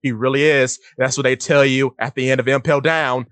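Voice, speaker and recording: A man co-hosting a casual podcast, ranting excitedly in mock outrage and laughing at himself. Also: medium pitch, a little fast, clean tone, dry recording. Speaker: podcast co-host.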